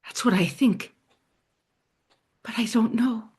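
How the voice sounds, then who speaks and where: A woman telling a dramatic story in the first person, speaking in a hushed voice that often sinks to a soft near-whisper. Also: a little high, slow, slightly rough.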